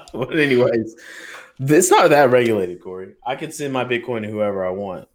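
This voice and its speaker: An American man co-hosting a podcast roundtable, talking in a loose, joking, profane, rambling way. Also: medium pitch. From United States. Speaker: podcast co-host. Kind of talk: casual roundtable chat.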